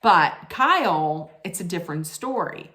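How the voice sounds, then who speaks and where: A woman's voice: on the low side, lively intonation, a little slow, bright, forceful tone. A woman hosting a casual TV recap, chatty and rambling, often correcting herself mid-sentence. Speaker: host.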